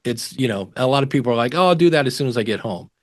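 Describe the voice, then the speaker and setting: A man as a guest expert giving casual interview advice, animated and acting out what other people say. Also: medium pitch, rapid-fire.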